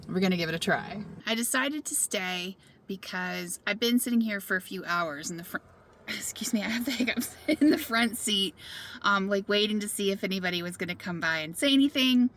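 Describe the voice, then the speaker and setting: A woman's voice: medium pitch, a bit bright, a little hiss or hum. Chatty woman vlogging from her van. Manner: chatty, thinking aloud, laughs often. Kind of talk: casual solo vlog chat. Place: inside a parked van or car.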